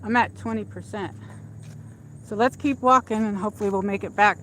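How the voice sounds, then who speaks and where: Phone in hand, a woman walks through a shopping area at dusk and hosts a casual livestream, rambling along with lots of fillers. She speaks at a medium pitch, a little fast, in a fairly bright tone, over slight background noise.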